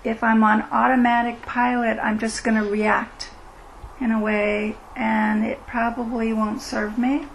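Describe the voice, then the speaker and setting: Meditation teacher, middle-aged woman, soft and unhurried, gravelly edges, slight room hiss. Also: on the high side, little pitch movement, low-quality recording. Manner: gentle, unhurried, reflective. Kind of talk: dharma talk with Q&A. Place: retreat meeting room.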